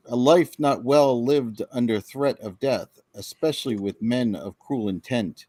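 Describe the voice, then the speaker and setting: A man's voice: mid-range voice, dark tone, no room sound. A man reading a roguish male space smuggler in Shakespearean-style verse.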